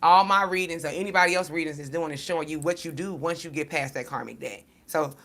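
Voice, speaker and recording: Low-pitched middle-aged woman, bright tense voice, aave-tinged, blunt and emotional. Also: fast talker. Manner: blunt, emotional, animated storytelling with swearing. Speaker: spiritual reader. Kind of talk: casual spiritual talk.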